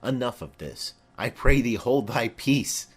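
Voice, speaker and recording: A man reading the part of a formal, commanding noblewoman speaking to her daughter in measured declamation. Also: mid-range voice, animated, breathy edge. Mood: stately.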